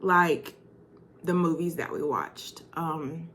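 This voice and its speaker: A woman in her thirties telling personal stories in a vlog, animated and laughing as she reminisces. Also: low-pitched, slow pace, a little hiss or hum. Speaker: vlogger.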